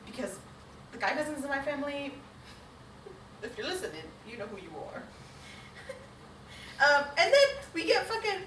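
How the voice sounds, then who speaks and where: High, lively, laughing woman co-host. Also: moderate pace, pauses often, echoey room, far from the mic, slight background noise, low-quality recording. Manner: laughs often, swears freely. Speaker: podcast co-host. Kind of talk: casual recap chat.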